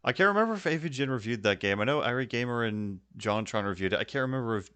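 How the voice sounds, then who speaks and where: A man's voice: medium pitch, lively intonation, very fast, a bit bright, faint music behind. A man streaming his casual reaction to a video, stammering, swearing and laughing often.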